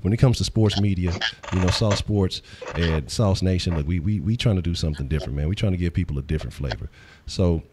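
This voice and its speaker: A man hosting a casual sports talk stream, loose and profane, full of hyped shout-outs. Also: low-pitched, quick pace, few pauses, background noise. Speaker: host.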